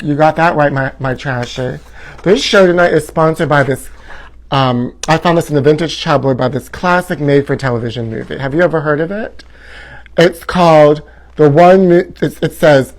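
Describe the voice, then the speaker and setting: A campy man hosts a live tabloid gossip stream from home, his voice sitting a touch high for a man. He reads viewer comments aloud with theatrical flair and drops "honey" all the time. The talk runs loose and chatty, with plenty of restarts. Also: a little mellow. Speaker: host.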